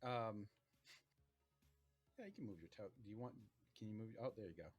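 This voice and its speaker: A man narrating a tabletop game as game master, relaxed and rambling with many fillers. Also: on the low side, moderate pace, husky, faint music behind.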